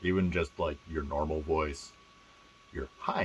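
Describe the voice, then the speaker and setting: A man's voice: fairly even intonation, normal speed, slight background noise, rough recording. A man in a casual vlog talking about his own voice, rambling with restarts and showing off how he shifts it. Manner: demonstrates voices, shifting pitch and placement; rambling, with restarts and filler words.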